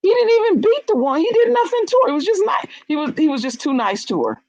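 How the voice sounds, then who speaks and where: Blunt, animated woman in dry casual chat. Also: fast, no echo, highs cut off. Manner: animated storyteller, acts out quotes with big jumps in pitch; blunt and profane.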